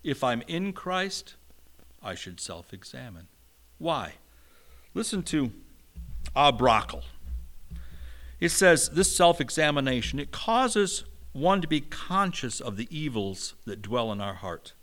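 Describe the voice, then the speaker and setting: A middle-aged man preaching a sermon, slow and emphatic, with a touch of humor. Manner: slow, emphatic preaching with lively pitch swings. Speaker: pastor.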